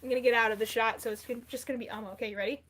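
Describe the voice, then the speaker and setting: Woman livestream host, slightly high and bright, casual reply-to-chat delivery, worn voice. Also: fairly even intonation, very fast. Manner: reads viewer comments aloud and replies. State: losing her voice.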